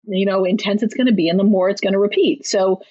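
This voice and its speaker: A woman with a husky, slightly breathy voice talks frankly and briskly about parenting, laughing easily as she makes her points. The sound is dry and close, with a dull, lo-fi tone. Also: mid-range voice, fairly even intonation, warm tone, no echo. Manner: candid, brisk and down-to-earth, with frequent laughs. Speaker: parenting author and guest. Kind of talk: conversational advice in a podcast interview.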